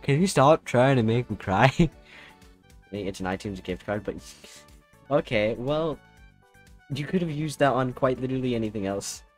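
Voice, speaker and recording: Male streamer, casual, quiet muttering over game play, faint music underneath. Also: mid-range voice, moderate pace, long pauses. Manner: mumbles to himself, then shouts and laughs when surprised. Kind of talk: casual gameplay livestream chat.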